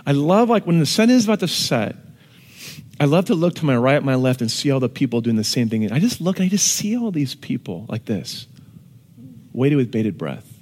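A man preaching a sermon, animated, moving from hushed tones to shouted emphasis. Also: medium pitch, brisk. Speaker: pastor. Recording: long hall reverb.

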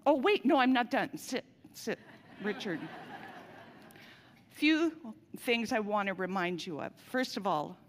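A woman delivering a sermon, telling a personal story in a conversational way with casual asides. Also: mid-range voice. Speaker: pastor. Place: church sanctuary. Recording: long reverb of a large church hall.

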